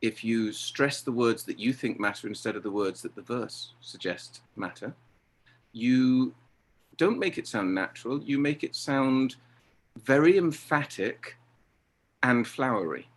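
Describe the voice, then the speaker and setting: A middle-aged man talking about directing, lively and acting out exchanges he quotes. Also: medium pitch, measured pace. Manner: animated, acts out quoted exchanges. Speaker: theatre director. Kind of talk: conversational interview.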